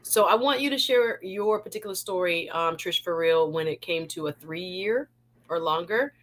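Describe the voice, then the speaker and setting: Speaking at a normal pace in a lowish voice, this Jamaican woman hosts a live online talk show. Her manner is playful and lively; she laughs a lot and calls out viewers in the chat by name as she welcomes them.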